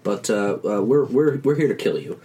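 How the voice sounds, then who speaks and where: Woman doing a bumbling crocodile hitman ghost, very deep voice, stammering, apologetic, improv comedy. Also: sing-song, moderate pace, warm tone, a little hiss or hum. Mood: sheepish.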